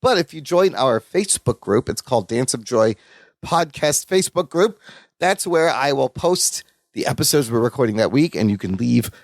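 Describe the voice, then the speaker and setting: A man's voice: medium pitch, animated, normal speed, no room sound. A man co-hosting a sitcom rewatch podcast, recapping scenes with enthusiasm and laughing often. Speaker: podcast co-host. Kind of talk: casual podcast recap chat.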